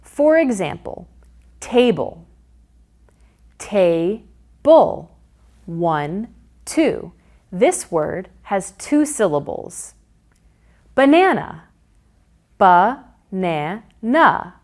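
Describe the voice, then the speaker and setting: A woman reading a scripted teaching guide and pronouncing each syllable slowly and clearly. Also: medium pitch, sing-song, a little mellow. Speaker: curriculum narrator. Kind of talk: scripted instructional narration.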